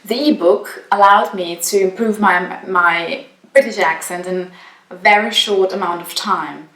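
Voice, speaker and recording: A woman's voice: fairly low pitch, unhurried, a bit bright. A young woman with as her language, a university student giving a careful, matter-of-fact testimonial. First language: German. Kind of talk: spoken testimonial. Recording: echoey room.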